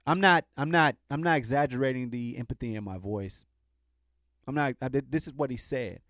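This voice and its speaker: A man's voice: mid-range voice, a little fast, fairly bright tone, no room sound, studio quality. A man hosting a podcast, talking in a casual, sarcastic commentary style and often restarting his sentences. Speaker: podcast host.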